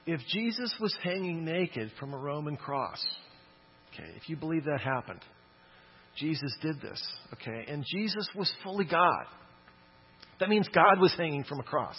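A man's voice: fairly high pitch, animated, moderate pace, husky, lo-fi sound. A man preaching a sermon in a church, talking in a conversational but emphatic way and often asking "okay?". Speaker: pastor.

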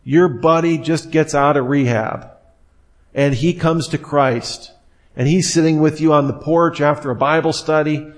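A man's voice: on the high side, unhurried. A man teaching in a casual, conversational way, sometimes acting out what people might say. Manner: conversational, animated, acts out quoted speech. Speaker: Bible teacher. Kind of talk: informal teaching talk.

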